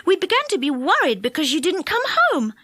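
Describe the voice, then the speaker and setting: A woman's voice: very high-pitched, wildly swooping pitch, a little fast, bright, forceful tone, dry recording, voice pushed up, full character voice. A woman voicing a worried young boy in a storybook reading, asking urgently. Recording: dry close studio sound.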